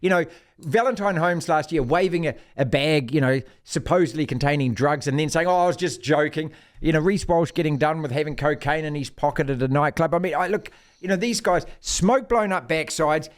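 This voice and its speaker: A man's voice: a little high, a little fast. Blunt New Zealand man hosting sports talk. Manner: blunt, mocking, fired up. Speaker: podcast host.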